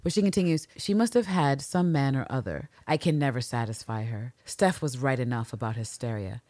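A woman co-hosting a casual podcast, reading old diary entries aloud and reacting with animated, profane outbursts. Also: very deep voice, brisk, dry recording. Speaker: podcast co-host.

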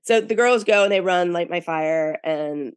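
Woman podcast co-host, lowish voice, dry close sound, chatty recap, acts out quotes. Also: normal speed, clean tone, no echo. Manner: animated storytelling, acts out quotes. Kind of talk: casual podcast recap chat.

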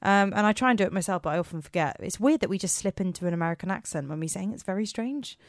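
A woman's voice: medium pitch, racing, no room sound, studio quality. A woman, co-hosting a podcast in casual, rambling chat and laughing at herself. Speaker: podcast co-host.

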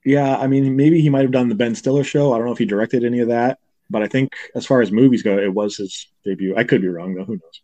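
A man co-hosting a podcast, casually recapping a film scene by scene and slipping into quick character impressions. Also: medium pitch, dark tone. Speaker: podcast co-host. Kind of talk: casual movie recap chat.

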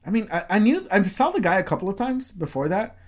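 A man's voice: high-pitched, sing-song, fast talker. A man telling a story in casual chat, rambling with lots of fillers and swearing freely.

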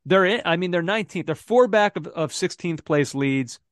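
A man talks football on a podcast, his voice sitting a little high for a man. He thinks aloud, circling back with fillers and restarts. The sound is dry and close, with no room around it. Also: expressive, normal speed, no echo. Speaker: podcast co-host. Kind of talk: casual football podcast chat.

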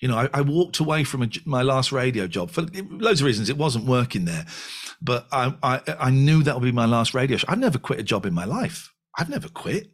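A man around fifty talks openly as a podcast guest, his voice sitting at an ordinary middle pitch. He gets animated, restarts sentences and repeats phrases for emphasis, keeping a loose conversational flow. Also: fairly quick. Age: 50s. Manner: animated, frequent restarts and repetition. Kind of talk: candid conversational reflection.

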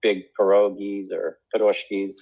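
A man's voice: on the low side, level tone, moderate pace. Rambling, self-deprecating man, slightly muffled audio. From United States. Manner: rambling, self-deprecating, many fillers and restarts. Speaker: actor and guest. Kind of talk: casual conversation.

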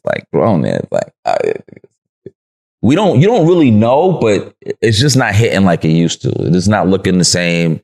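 This deep-voiced New Yorker, speaking low, is a podcast guest telling relaxed stories full of street slang. He laughs freely and mimics the people he quotes. His pitch swoops wildly, his pace is moderate, and his tone is a little mellow.

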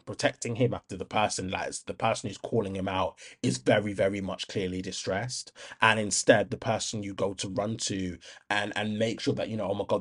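Blunt, low-voiced man ranting. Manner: blunt, impassioned, swears freely; rambling with many restarts and ums. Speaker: podcast host. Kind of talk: opinionated podcast monologue.

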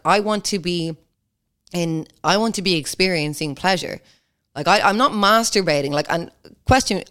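A woman's voice: lowish voice, a bit bright. A young woman hosting a podcast in casual, blunt, sweary chat, acting out quotes in mocking voices. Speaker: podcast host.

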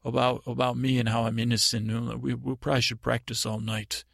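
A man's voice: mid-range voice, flat delivery, brisk, gravelly, no echo, clean studio sound. A man voicing an anxious imprisoned stable boy who pleads and stammers, within an improvised comedy monologue. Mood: pleading.

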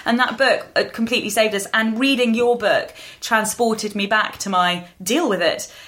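A woman's voice: on the high side, moderate pace, fairly bright tone. A woman co-hosting a podcast, chatting eagerly and laughing often. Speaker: podcast co-host. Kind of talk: casual chat.

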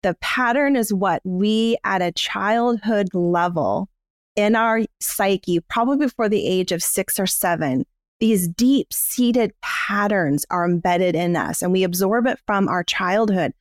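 A woman's voice: medium pitch, unhurried, dry recording, clean studio sound. A woman co-hosting a podcast, explaining her ideas in a candid, casual way and swearing freely. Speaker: podcast co-host.

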